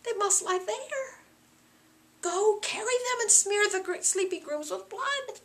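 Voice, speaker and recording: A woman reading aloud the part of a scornful, steely noblewoman scolding her husband, in a high, bright voice. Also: a little slow. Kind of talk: reading a play aloud in class.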